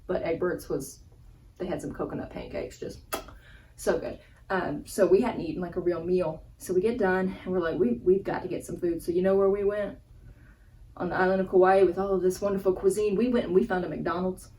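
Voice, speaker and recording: A young woman vlogger telling a funny personal story in a casual, animated way, laughing as she goes. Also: on the low side, a little fast, distant mic, rough recording. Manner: animated, laughing, acts out gestures. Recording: voice a bit off-mic with faint background ambience.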